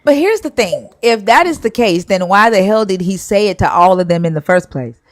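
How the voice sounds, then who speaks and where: A woman's voice: mid-range voice, animated, a little fast, no echo, studio quality. A woman hosting a live stream, bluntly arguing and retelling scripture in casual slang with swearing.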